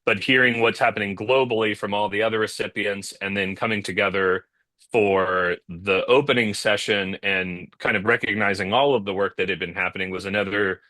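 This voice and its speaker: A man's voice: lowish voice, steady tone, a little fast, bright, forceful tone, no room sound. A man chatting as a guest on a video call, rambling with lots of fillers and restarts. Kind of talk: casual video-call interview. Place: home in the North Jersey area.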